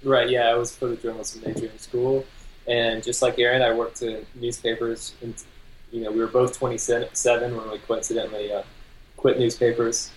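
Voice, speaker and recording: A man's voice: medium pitch, little pitch movement, moderate pace, a little hiss or hum, low-quality recording. A man, a wedding photographer guest, talking in a laid-back, self-deprecating way. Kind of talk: casual interview.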